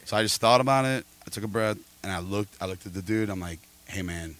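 Fast-talking man telling a story. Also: lowish voice. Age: middle-aged. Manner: animated, quotes people in quick back-and-forth. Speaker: podcast host. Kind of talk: casual storytelling chat.

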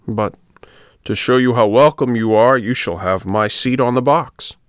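A man's voice: medium pitch, a little slow, clear, resonant tone, no room sound, clean studio sound, lightly acted. A man voicing a sly little coachman who talks sweetly and coaxingly. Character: sly little coachman, smooth and falsely friendly.

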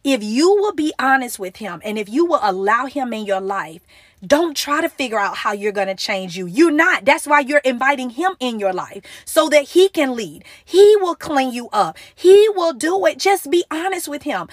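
A woman's voice: high-pitched, very animated, moderate pace, no room sound, clean studio sound. A young woman giving an earnest, emotional devotional talk into her phone, pleading with her listeners. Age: young adult. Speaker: motivational Christian speaker.

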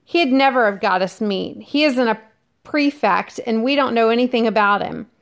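A woman reading the lines of a proud, angry schoolboy who leads the hunters, loud and defiant. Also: on the high side, moderate pace, gravelly. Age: child. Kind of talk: read-aloud novel dialogue.

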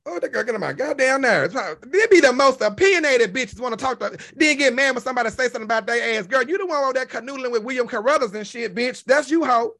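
A man's voice: very high voice, lively intonation, quick pace, few pauses, bright, forceful tone. A man hosting an online show, delivering a sassy, profanity-heavy rant full of insults.

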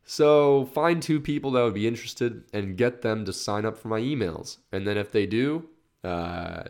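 A man hosting his own solo podcast in a casual, rambling way, swearing freely and laughing at himself as he gets fired up. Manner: rambling with restarts, excited rises in pitch. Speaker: podcast host.

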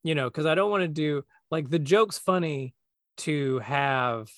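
A man's voice: on the high side, a little slow, dry recording. Laid-back man, dry podcast voice. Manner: relaxed, thinks aloud with filler words like "like" and "um". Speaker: podcast co-host, voice actor. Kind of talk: casual podcast chat.

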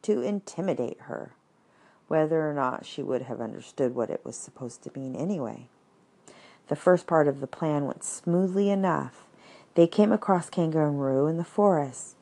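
Slow, low-voiced woman reading a story. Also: darkish tone, husky. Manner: unhurried, with asides to the listener.

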